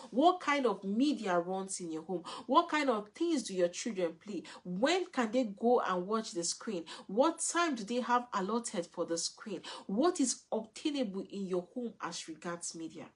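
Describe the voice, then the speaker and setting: A woman's voice: medium pitch, husky. A woman, giving an earnest, repetitive live talk as a parenting coach.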